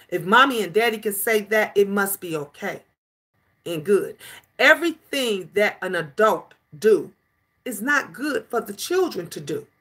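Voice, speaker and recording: High bright-voiced preachy woman. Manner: preachy, emphatic, scolding, animated storytelling. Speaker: commentary channel host. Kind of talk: casual commentary rant.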